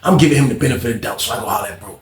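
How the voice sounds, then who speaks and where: A man's voice: mid-range voice, lively intonation, racing, slight background noise. A man telling a casual storytime story, slangy and profane, acting out each person's lines. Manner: slangy, profane, acts out every voice. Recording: echoey room, faint ambience.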